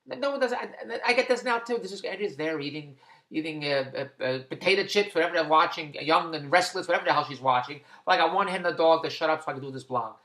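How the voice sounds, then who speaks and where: A man rambles through a personal story at a quick clip, chatty and excitable, jumping from one aside to the next. His voice is bright and forward. The bedroom he records in gives it a roomy echo. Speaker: vlogger and TV producer. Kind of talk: rambling personal video blog. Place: his kid's bedroom at home. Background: dog squeaking a toy.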